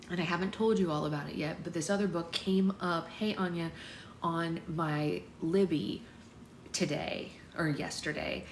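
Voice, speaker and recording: Low-voiced, chatty woman hosting a home book club stream; echoey room, faint background hiss. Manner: chatty, greets viewers by name. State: hiccups. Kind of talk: casual livestream chat and read-aloud.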